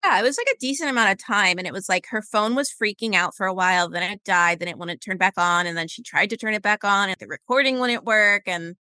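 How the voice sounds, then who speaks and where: A woman's voice: medium pitch, fast talker, hardly any pauses, pushed and bright, dry recording, studio quality. A young adult woman, a guest on a podcast, chatting casually in a wry, skeptical way. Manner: wry, self-described skeptic. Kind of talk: casual chat.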